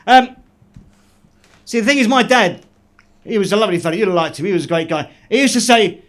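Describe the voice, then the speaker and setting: High-voiced stand-up man, deadpan. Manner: deadpan joke delivery with quick self-laughs. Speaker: stand-up comedian. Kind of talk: live stand-up one-liners. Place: comedy club stage.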